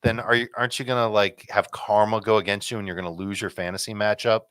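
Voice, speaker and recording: A man's voice: lowish voice, flat delivery, fast talker, a bit bright, clear, resonant tone, no echo, clean studio sound. A man speaking as a fantasy sports analyst in casual panel chat, joking and teasing.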